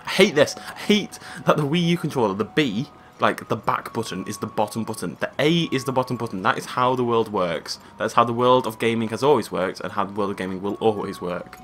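A man's voice: on the low side, fairly quick, hardly any pauses, fairly bright tone, soft background music. A man giving casual, chatty gameplay commentary, wry and talking to himself as he plays. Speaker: let's play gamer.

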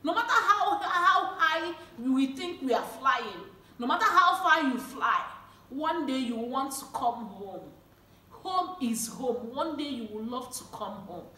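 A woman's voice: high voice, expressive, a little slow, bright, forceful tone, roomy sound. A young adult woman from Nigeria with an Igbo accent, talking earnestly to her viewers, pleading and often repeating herself with a questioning "eh?". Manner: passionate and pleading, repeats words, frequent "eh?". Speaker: vlogger. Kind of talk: earnest talk to camera.

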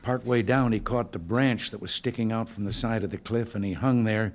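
An older man from the United States giving informal remarks to staff in a hotel function room, with relaxed, folksy storytelling and dry humor. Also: on the low side, a little fast, slight background noise. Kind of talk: informal speech with joke stories.

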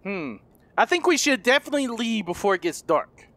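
High-pitched goofy gamer man. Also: sing-song, brisk. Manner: goofy, loud, repeats lines and yells when startled. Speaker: gaming YouTuber. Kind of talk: let's play commentary.

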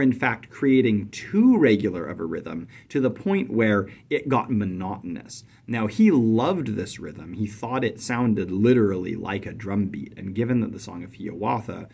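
A man with a very low, gravelly voice teaches a lesson on poetic rhythm. He talks in a measured, deliberate way, leaning on stressed syllables. His tone is husky rather than clear. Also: sing-song. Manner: measured, emphatic on stressed syllables, drops to soft low voice when reciting. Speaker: poetry teacher. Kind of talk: explanatory lesson with poem recitation.

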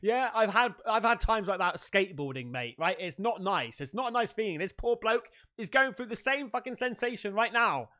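An excitable English man giving casual reaction commentary as a video host, swearing and exclaiming loudly. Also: sits high, moderate pace, few pauses.

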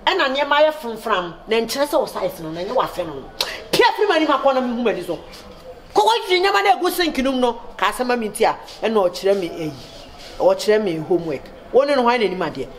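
Scolding mother played by a woman, high lively voice, echoey room, comedy sketch. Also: a little fast. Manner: scolding, animated, laughing between words. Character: scolding mother, loud and sharp.

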